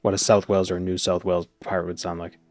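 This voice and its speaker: A man's voice: low-pitched, level tone, very fast, a little mellow, faint music behind. A man in his thirties streaming a game, chatting casually and joking with his chat. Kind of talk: casual gameplay commentary.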